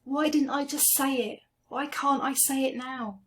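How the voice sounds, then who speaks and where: Soft-spoken woman guiding a tapping session. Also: high voice, steady tone. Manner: slow, gentle, soothing guidance. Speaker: EFT tapping coach. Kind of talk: guided tapping meditation.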